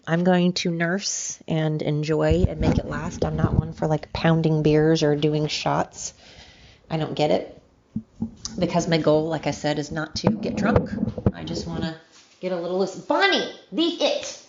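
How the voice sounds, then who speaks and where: A woman in her late forties talks through a casual solo podcast, rambling and circling back with plenty of ums. Her voice sits low, with a gravelly, fried edge. The home recording sounds muffled and lo-fi. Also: level tone, unhurried, background noise. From United States. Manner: rambling, chatty, with many ums and self-corrections. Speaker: podcast host.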